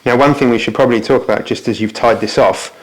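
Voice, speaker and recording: A man's voice: mid-range voice, quick pace, poor audio. A man hosting a gear demonstration, speaking conversationally with frequent stammered restarts. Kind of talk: casual presenting.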